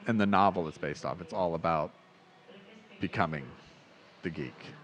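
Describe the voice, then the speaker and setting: Low-voiced man chatting eagerly about films. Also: normal speed, fairly bright tone. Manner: enthusiastic, rambling, restarts often. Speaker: podcast co-host. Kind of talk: casual film discussion.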